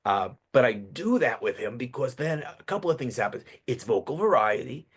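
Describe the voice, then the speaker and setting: A man in his fifties, a public speaking coach interviewed as a guest, telling stories with animated delivery. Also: mid-range voice, moderate pace, breathy edge. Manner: animated storyteller, acts out voices. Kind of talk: casual podcast interview.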